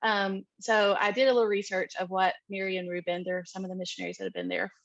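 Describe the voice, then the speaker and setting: A woman recounts a mission-trip moment in a chatty, animated way, sprinkling in ums and likes. Her voice sits at an ordinary pitch. The recording is dry and slightly muffled. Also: fast talker, vocal fry, no echo. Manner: chatty, full of "um" and "like", animated retelling. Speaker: mission trip team member. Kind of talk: casual storytelling in an interview.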